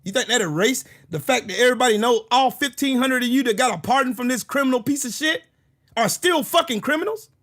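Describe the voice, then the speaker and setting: A man with an unusually high, piercing voice delivers a combative political rant on his own channel. His tone is bright and sharp, and he keeps cursing and breaking into shouts. The rant is relentless and confrontational throughout. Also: fast. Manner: profane, combative, bursts into shouting. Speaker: political commentary channel host.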